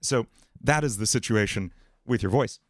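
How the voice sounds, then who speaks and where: A man hosting a livestream Q&A about singing and voice, explaining in a relaxed way with many fillers. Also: lowish voice, moderate pace, slight background noise. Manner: relaxed explaining, many fillers, breaks into sung and put-on voice demos. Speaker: music producer and livestream host.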